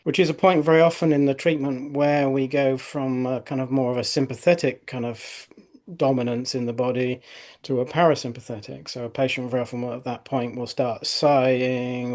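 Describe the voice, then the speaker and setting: A middle-aged male osteopath recounting patient cases in a relaxed podcast conversation, full of fillers like "you know". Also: medium pitch. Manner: conversational storytelling with frequent fillers.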